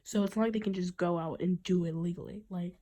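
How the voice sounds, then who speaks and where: Husky, mellow-voiced woman podcasting. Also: fairly low pitch, steady tone, quick pace. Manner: earnest, reflective, many restarts. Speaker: podcast host. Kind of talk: casual podcast monologue.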